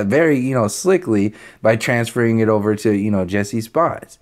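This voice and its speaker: Guy ranting on his channel, kinda low voice, swears a lot, lots of um and like. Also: normal speed, hardly any pauses. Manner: profane, blunt, heated, with many fillers and restarts. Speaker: channel host. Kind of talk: unscripted ranting commentary.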